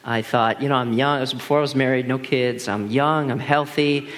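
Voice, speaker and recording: A man in his thirties, a pastor telling personal stories in a lively, animated sermon full of restarts. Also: medium pitch, a little fast. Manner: animated, laughing storyteller with many restarts. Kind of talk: storytelling sermon.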